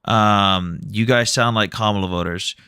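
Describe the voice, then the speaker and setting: A man hosts a heated casual debate, blunt and full of profanity. His voice is bright and forward, and it sounds dry and close, with no room around it. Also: fairly low pitch, fairly even intonation, measured pace, smooth, dry recording. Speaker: host.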